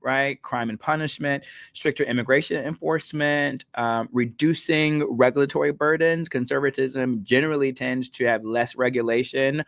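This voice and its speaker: A man's voice: mid-range voice, fairly even intonation, normal speed, creaky, a bit bright, no echo, studio quality. Casual chatty man host. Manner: casual, chatty, fillers and self-corrections, addresses co-host. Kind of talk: explanatory talk show monologue.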